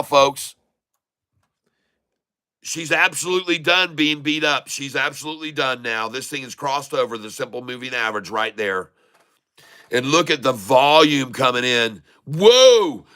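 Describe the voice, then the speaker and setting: A man hosting a stock trading channel, giving excitable live market commentary, taunting short sellers and repeating prices over and over. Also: mid-range voice, clear, resonant tone, no room sound.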